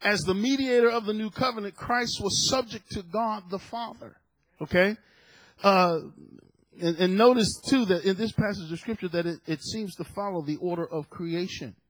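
A man's voice: sits high, normal speed, no room sound, low-quality recording. A male pastor preaching a sermon emphatically, often chuckling and putting questions to the congregation.

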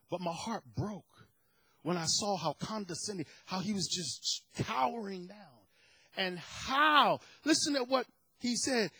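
A man preaching a sermon, swinging from quiet storytelling to fervent shouted passages. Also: high voice, unhurried, husky, dry recording, low-quality recording.

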